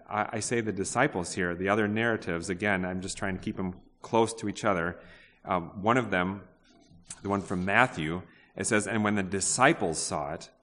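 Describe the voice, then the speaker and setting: Preaching in a large hall with long reverb, a pastor whose voice sits low with a fairly bright tone keeps his sermon conversational. He frequently restarts sentences and asks his listeners questions.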